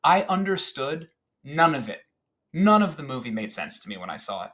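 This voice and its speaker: Podcast guest, male, mid-range voice, talks in an excited, rambling stream full of fillers. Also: medium pitch, normal speed. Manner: animated, rambling with fillers and restarts. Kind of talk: casual chat recounting a favorite film scene.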